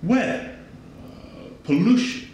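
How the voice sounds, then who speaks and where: A man gives a grand, solemn documentary interview. His pitch rises and falls in a lively way. The room rings with strong echo, and faint noise sits beneath. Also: slow pace. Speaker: bearded interviewee.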